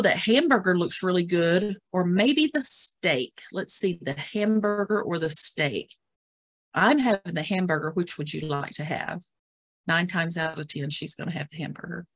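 A middle-aged woman with a slightly low voice presents an educational webinar on caregiving. She talks in a calm, instructive way and lays out steps plainly. The recording is dry and close, with no room sound. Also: dry recording. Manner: calm, instructive, steady explanations. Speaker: dementia care educator.

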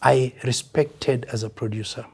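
A man's voice: mid-range voice, fairly even intonation, moderate pace, gravelly, a little mellow, slightly rough. An older man with a Kenyan accent, a veteran musician speaking bluntly and emphatically in a casual interview, dropping in Swahili phrases.

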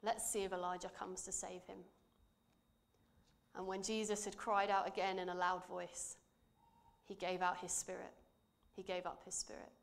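A woman preaching in church, reading scripture and speaking in a measured, earnest way that drops softly for emphasis. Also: fairly low pitch, level tone, vocal fry.

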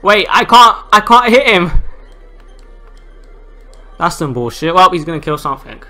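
Young man, high voice, very bright and sharp, exasperated gameplay commentary, game music behind. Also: sing-song, normal speed. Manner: exasperated, swearing, shouting and laughing at losses.

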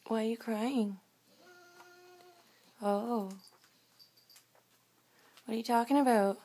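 A woman's voice: a little high, fairly even intonation, slow pace, mellow. A woman at home filming her dogs on the couch, coaxing them in a repetitive sing-song pet voice. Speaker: dog owner filming her pets. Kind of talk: home video talk to pets. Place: home living room with a couch.

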